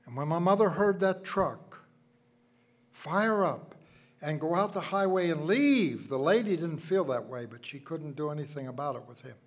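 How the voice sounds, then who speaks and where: An older man preaching a sermon, telling folksy personal stories and swinging from loud emphasis to hushed asides. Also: on the high side, lively intonation, normal speed.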